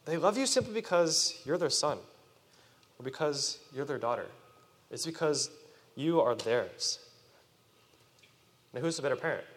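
A man preaching a sermon to children, animated and asking his listeners questions. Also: on the high side, measured pace, long pauses. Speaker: youth preacher. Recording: long reverb of a hall.

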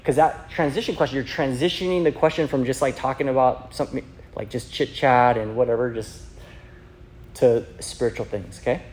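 A man's voice: mid-range voice, fairly even intonation, brisk, a little mellow, slight background noise. A man giving a chatty teaching talk on sharing faith, full of fillers and acted-out quotes from a personal story. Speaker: youth evangelism speaker.

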